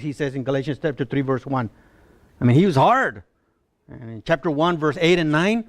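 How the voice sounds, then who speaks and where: A man preaching a sermon, animated and pleading, often asking his listeners if they see his point. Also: fairly high pitch, moderate pace, no echo. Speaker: pastor.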